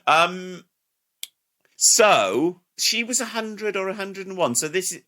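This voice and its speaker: A man's voice: high-pitched, lively intonation, takes it slowly, sharp tone. A man co-hosting a podcast in easy, chatty conversation, exclaiming as he talks. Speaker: podcast co-host. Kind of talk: casual chat.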